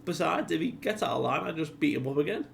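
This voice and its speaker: A man's voice: a little high, expressive, quick pace, creaky, fairly bright tone, a little hiss or hum, pitched above the performer's own voice, full character voice. A man voicing a cheerful, carefree young male pirate captain in a raised, bouncy voice while recapping a comic. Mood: confident.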